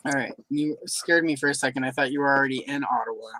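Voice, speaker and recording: A woman's voice: very deep voice, steady tone, fast, fairly bright tone, a little hiss or hum, low-quality recording. A woman from the American South hosting a live stream, chatting casually and rambling with self-deprecating jokes over a home computer mic. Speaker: host of a live audio stream. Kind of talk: casual chat.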